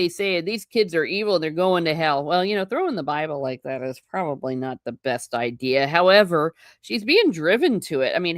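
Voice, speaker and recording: A woman's voice: low-pitched, no room sound, clean studio sound. A woman hosting a live book reading, breaking in with chatty, wry asides. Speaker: book channel host.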